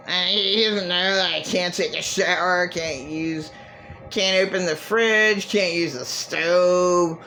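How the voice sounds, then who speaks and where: A woman's voice: lowish voice, fairly even intonation, slow, sharp tone, soft background music, rough recording. A middle-aged woman giving an emotional monologue to camera, agitated and profane, repeating herself and restarting her sentences. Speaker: vlogger.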